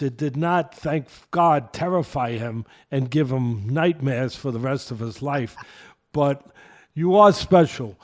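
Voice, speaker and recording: An older man hosting an interview show, asking long, halting questions full of restarts. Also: a little high, darkish tone. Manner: halting, rambling setups with restarts. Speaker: host.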